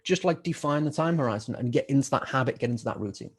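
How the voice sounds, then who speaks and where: A man's voice: medium pitch, fast, husky. A middle-aged man teaching a live online trading lesson in a chatty way, repeating words and using many fillers. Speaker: trading educator.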